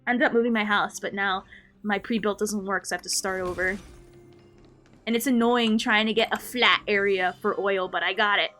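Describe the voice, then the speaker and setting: A woman live streaming a game, chatting casually with her viewers in an animated, playfully ranting and mock-scolding way. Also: mid-range voice, moderate pace, soft background music. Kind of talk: casual gaming stream chat.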